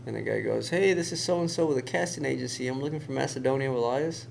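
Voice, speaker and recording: Male guest, gravelly tone, animated storyteller, quiet background hiss. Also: medium pitch, fast. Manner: animated storyteller who acts out quoted voices. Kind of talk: casual storytelling.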